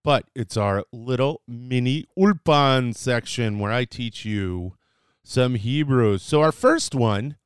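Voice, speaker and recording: In clean studio audio with no echo, a smooth, medium-pitched male host runs a laid-back segment on Hebrew words. He teaches a handful of them playfully, chatting along with fillers and correcting himself.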